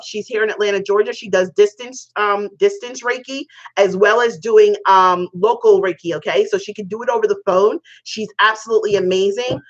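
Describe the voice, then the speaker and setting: A woman's voice: mid-range voice, a bit bright. A middle-aged woman giving a blunt, profane, preachy tarot reading as a casual monologue. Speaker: tarot reader. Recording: dull lo-fi sound.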